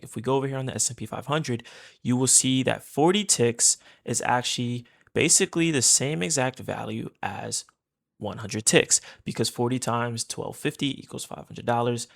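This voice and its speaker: This trading instructor runs a casual screen-share tutorial, chatting away, repeating his points, and addressing his viewers as "guys." He has a mid-range voice with vocal fry.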